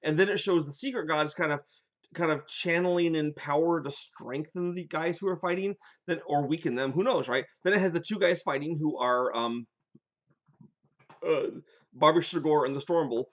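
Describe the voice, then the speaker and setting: An older man hosting a casual live chat, telling animated stories from his gaming sessions. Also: on the high side, moderate pace. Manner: animated storyteller, rambling with restarts.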